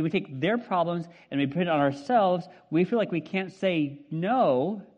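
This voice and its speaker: Chatty high-voiced male pastor, lo-fi. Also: darkish tone. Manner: chatty, asks the congregation questions, many fillers. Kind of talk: casual conversational sermon. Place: church hall with congregation.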